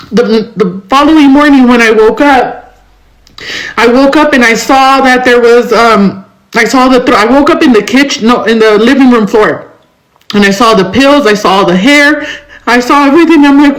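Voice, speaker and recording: A woman's voice: on the high side, normal speed, rough recording. A woman telling her own hard story as an interview guest, emotional and rambling, swearing often. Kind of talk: raw personal storytelling.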